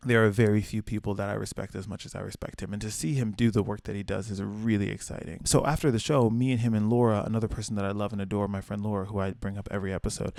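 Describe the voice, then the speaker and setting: Gravelly young man, animated podcast storyteller. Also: no echo. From American South. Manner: animated storyteller, swears freely, acts out quotes in high voices. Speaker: podcast host. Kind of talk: casual solo podcast chat.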